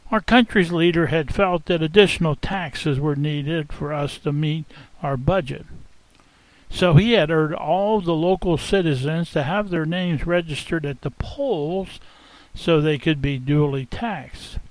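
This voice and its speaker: Slow, theatrical male storyteller. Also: on the high side, dry recording, low-quality recording. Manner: theatrical, expressive, savoring the tale. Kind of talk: first-person dramatic monologue as an innkeeper.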